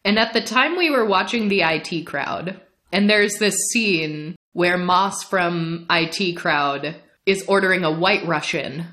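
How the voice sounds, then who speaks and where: Animated woman telling a funny story. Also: lowish voice, unhurried. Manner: animated, laughs often, acts out quotes. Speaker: podcast co-host. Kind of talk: casual storytelling.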